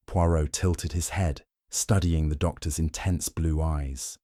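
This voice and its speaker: A man narrating a mystery audiobook in a measured, scripted storytelling style. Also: very deep voice, fairly even intonation, warm tone, no echo, clean studio sound.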